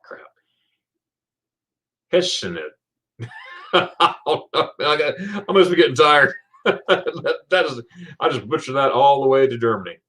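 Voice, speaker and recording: A man's voice: mid-range voice, normal speed, fairly bright tone. Guy hosting a livestream, chatty and laughy, reading out comments as he goes. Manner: chatty, laughs often, reads viewer comments aloud. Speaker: livestream host.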